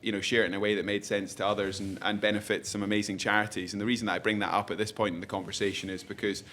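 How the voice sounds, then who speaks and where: Low-voiced guy hosting a live podcast, rambly, lots of restarts, faint background hum. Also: level tone, a bit bright. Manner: quick, rambling with many restarts. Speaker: podcast host. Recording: faint ambient noise, live event.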